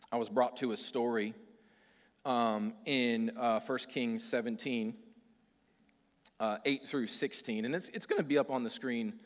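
A man's voice: medium pitch, a bit bright. A man giving a casual, conversational sermon who acts out voices in the story. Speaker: preacher. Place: church hall. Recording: hall reverb.

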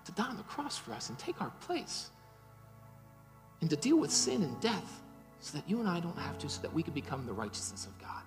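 A man's voice: on the high side, wildly swooping pitch, a little fast, long reverb tail, over music. A man preaching a sermon and leading a closing prayer, impassioned, with rising and falling emphasis and repeated words. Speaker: pastor.

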